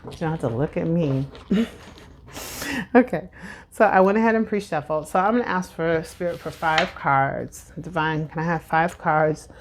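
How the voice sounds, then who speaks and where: A woman with a somewhat low voice gives a casual spiritual tarot reading to her camera at home. She talks in a chatty, encouraging way, full of "like" and "you know". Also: moderate pace, a little hiss or hum. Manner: chatty and encouraging, many fillers. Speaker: tarot reader. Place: at home with incense burning.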